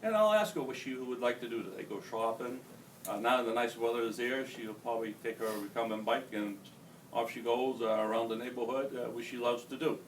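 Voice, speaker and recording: A man's voice: mid-range voice, fairly quick. A man on a discussion panel, talking in a plain, folksy way about his daily routine with his wife, with many fillers. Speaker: panelist, spouse of a brain injury survivor. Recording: distant mic, faint room noise.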